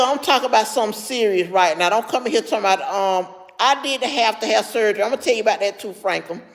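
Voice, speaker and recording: A woman's voice: a little high, long reverb tail. A middle-aged woman with heavy, labored breathing tells a story to her live chat, stopping now and then to answer viewers by name. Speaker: livestream host.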